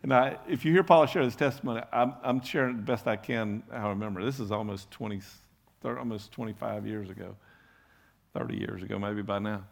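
A man's voice: fairly low pitch, fairly even intonation, a little fast, gravelly. A middle-aged male pastor telling a story in a sermon, casual and rambling, full of "you know" and restarts.

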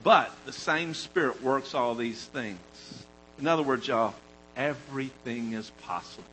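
A man preaching a sermon, talking to the congregation in an animated, conversational way that swings from loud emphasis to quiet storytelling. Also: mid-range voice, unhurried, a little hiss or hum, rough recording.

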